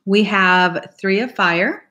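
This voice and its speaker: A woman's voice: mid-range voice, slow pace, pushed and bright, dull audio. A woman hosting a live tarot reading, chatting casually and laughing often while she greets viewers by name.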